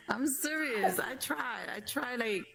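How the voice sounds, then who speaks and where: A middle-aged woman, telling a family story in a blunt, animated way. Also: fairly high pitch, creaky, slightly rough. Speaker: mother of the streamer, guest. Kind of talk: casual storytelling chat.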